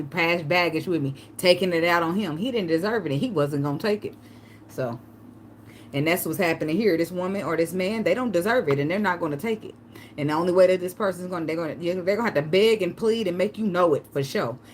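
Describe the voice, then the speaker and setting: A woman tarot reader giving casual spiritual advice, telling a personal story and breaking into a high pleading voice to act out begging. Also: slight background noise. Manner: animated storytelling, acts out begging in a high pleading voice, laughs often.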